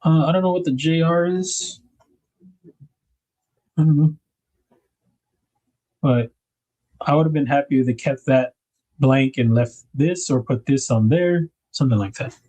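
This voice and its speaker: A man's voice: a little high, unhurried, long pauses, mellow, low-quality recording. A man hosting a knife livestream, chatting casually and rambling as he unboxes gear. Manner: laid-back, rambling, thinks aloud with fillers.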